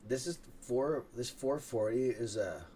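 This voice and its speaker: A man's voice: medium pitch, measured pace, dark tone, slight background noise. A tired, yawning man hosting a casual live stock market stream, rambling and swearing now and then. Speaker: stock trading livestream host.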